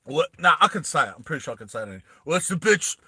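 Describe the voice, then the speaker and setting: A man's voice: medium pitch, expressive, very fast, pushed and bright, breathy edge, dry recording, clean studio sound. A man casually retelling a movie plot, rambling, self-conscious and laughing often. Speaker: storyteller.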